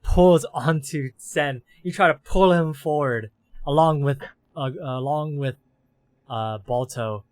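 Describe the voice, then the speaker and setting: A man's voice: fairly high pitch, takes it slowly, no room sound. A man running a tabletop role-playing game, narrating the scene in long run-on sentences strung together with "as". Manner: run-on storytelling, strings clauses with "as". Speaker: game master.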